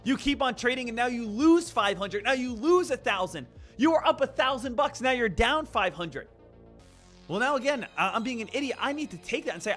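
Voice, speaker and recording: A man's voice: high-pitched, animated, fairly quick, a bit bright, faint music behind. A man streaming about stock trading, lecturing emphatically and repeating phrases for effect. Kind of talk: live-stream motivational talk.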